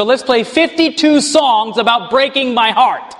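Male preacher, high voice, animated sermon delivery, reverberant hall. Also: unhurried, hardly any pauses. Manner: animated, mocking put-on voices for examples.

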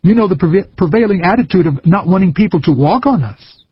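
A man preaching a recorded sermon in an earnest, measured way, with folksy stories. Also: sits high, expressive, husky, no echo, muffled recording.

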